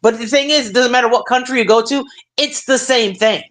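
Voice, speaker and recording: Animated woman hosting a chat. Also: a little high, fairly quick. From United States. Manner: animated storytelling with many fillers. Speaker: stream host. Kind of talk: casual chat.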